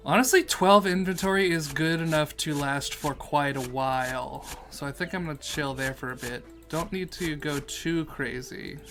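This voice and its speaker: A man streaming a game, chatting casually and goofily while reading chat questions aloud and answering them. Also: fairly high pitch. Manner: goofy and jokey, reads chat aloud and answers it. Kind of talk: casual live-stream commentary while playing.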